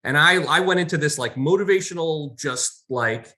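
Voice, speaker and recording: A young adult man co-hosting a casual talk show, animated and storytelling as a counselor. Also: on the high side, normal speed. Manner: animated, storytelling with acted quotes. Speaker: podcast co-host, counselor. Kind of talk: casual conversation.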